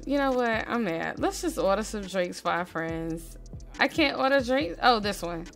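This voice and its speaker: A woman hosting a casual let's-play, chatting straight to her viewers and swinging between quiet murmuring and excited squeals. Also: mid-range voice, normal speed, vocal fry, faint music behind. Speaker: gaming channel host.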